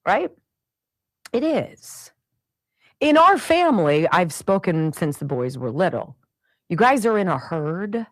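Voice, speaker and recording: A middle-aged woman hosting a radio show, telling a family story in an animated, exasperated way and acting out the voices of the people in it. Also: mid-range voice, dry recording. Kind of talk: storytelling monologue.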